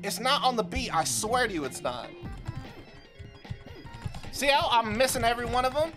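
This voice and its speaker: High-voiced young man trash-talking a game. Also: lively intonation, moderate pace, music in the background. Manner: trash-talking, frustrated, loud and swearing. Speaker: streamer. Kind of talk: live gameplay commentary.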